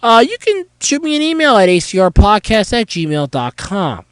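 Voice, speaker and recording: A man with a high, animated voice hosts a casual solo podcast, sounding nasal and congested from a cold. He rambles along with plenty of fillers and pauses. The sound is dry and close, with a smooth, clear tone under the stuffiness. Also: dry recording, poor audio. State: nasal from a head cold, sore throat. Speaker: podcast host.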